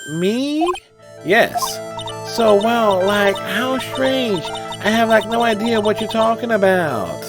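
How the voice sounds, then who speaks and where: A man's voice: expressive, slow. A man voicing a ditzy, airheaded young woman witness in a video game, with a put-on Southern drawl and "like" in every sentence. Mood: flustered. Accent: American Southern (put on). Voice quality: high, drawling, says "like" constantly. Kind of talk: reading a video game aloud on a live stream. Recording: game music playing behind.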